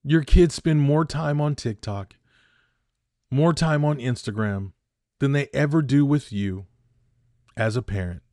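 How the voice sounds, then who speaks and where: A man's voice: medium pitch, measured pace, long pauses, a little mellow, no echo, clean studio sound. A man in his fifties hosting a podcast, delivering a heated opinion monologue that repeats points for emphasis. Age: 50s. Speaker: podcast host.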